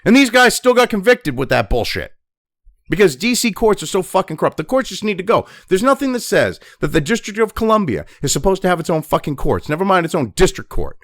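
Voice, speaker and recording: Heated swearing guy doing a news rant, fairly high voice, really animated. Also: fairly quick, no room sound, clean studio sound. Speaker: news commentary host. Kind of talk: angry profane rant.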